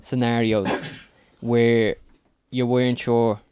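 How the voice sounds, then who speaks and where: An Irish man with a smooth, clear voice asking questions on a casual podcast. He hesitates and fills pauses as he goes. The recording is dry and close. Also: mid-range voice, little pitch movement, a little mellow, dry recording. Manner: hesitant, filler-heavy questioning. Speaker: podcast co-host. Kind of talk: casual chat.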